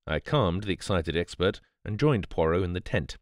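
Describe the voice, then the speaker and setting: A man reads a bedtime audiobook with a deep, low voice. His delivery is calm and measured. The sound is close and dry, with no room. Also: no room sound. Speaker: audiobook narrator. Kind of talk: scripted bedtime audiobook narration.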